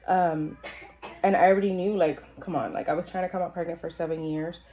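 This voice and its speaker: Getting ready on camera, a young vlogger chats through a personal story, leaning on "like," swearing now and then, and performing other people's lines. Her low, mellow voice is steady and brisk, with faint music in the background.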